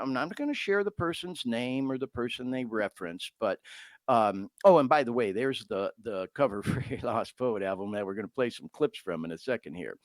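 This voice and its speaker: A man hosts a podcast in a heartfelt, informal way, calling his listeners y'all and bro. His pitch rises and falls freely as he speaks. The sound is dry and close, with no room echo. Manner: heartfelt, talks openly about feeling vulnerable. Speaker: podcast host. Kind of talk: earnest podcast conversation.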